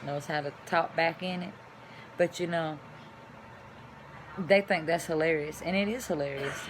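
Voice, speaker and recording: Woman, middle-aged, chatty vlogger, rambling, faint background noise. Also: low-pitched. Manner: chatty, rambling, signs off loudly. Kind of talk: casual chat to camera.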